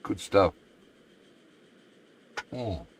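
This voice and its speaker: A man's voice: low-pitched, animated, drawn-out words, slight background noise, low-quality recording. A man with an Australian accent chatting casually while live-streaming a game, rambling and self-deprecating.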